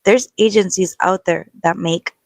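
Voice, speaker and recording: A woman's voice: lowish voice, fairly even intonation, unhurried, darkish tone, no room sound. Earnest woman in a dry close recording. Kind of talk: social video commentary.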